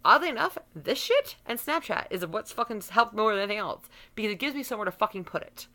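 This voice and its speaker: A woman in her thirties ranting bluntly and profanely straight to camera. Her voice is bright and lively, swinging widely in pitch, and her words come out fast and heated. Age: 30s. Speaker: vlogger.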